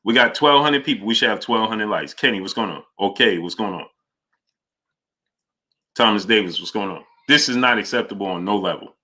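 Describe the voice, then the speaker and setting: Bright-voiced New livestream host. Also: male voice, fairly low pitch, brisk. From New York. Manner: greets viewers by name, reads super chats aloud. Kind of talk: casual livestream chat.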